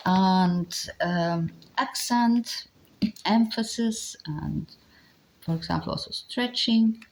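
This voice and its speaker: Slow, halting woman with a German accent. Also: lowish voice, gravelly, darkish tone, poor audio. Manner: halting, many fillers, explaining step by step. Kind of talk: explanatory talk on communication.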